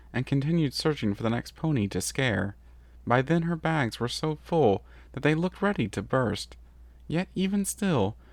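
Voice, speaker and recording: A man reading a rhyming fan story aloud in an even narrative rhythm. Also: medium pitch, dry recording. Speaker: story reader. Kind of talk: scripted narration.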